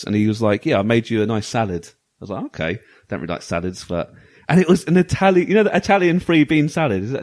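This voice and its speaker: A man co-hosting a retro gaming podcast, telling a long anecdote in lively, laughing casual chat. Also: medium pitch. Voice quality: animated. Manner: lively storytelling, often laughing. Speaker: podcast co-host.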